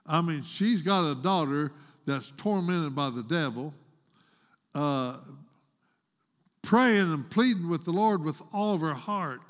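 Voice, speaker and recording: Slow and animated with long pauses, this slightly high male voice carries a church sermon through long hall reverb. He retells a story dramatically, building to pleading tones and voicing the quoted woman in a raised plea.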